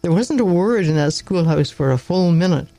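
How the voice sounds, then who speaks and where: A man narrating a story aloud in a plain, measured reading with small slips. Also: high voice, animated, gravelly, dark tone, dry recording, rough recording.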